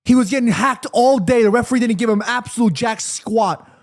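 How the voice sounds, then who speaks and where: Young male watchalong host, high-pitched, excitable match reactions with lots of swearing. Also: fairly quick, gravelly. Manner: excitable, pleading, swears freely. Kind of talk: live match reaction commentary.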